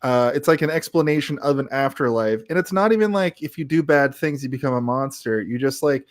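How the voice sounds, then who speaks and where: Man in relaxed casual chat. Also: medium pitch, brisk, no echo, studio quality. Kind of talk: casual chat about a film.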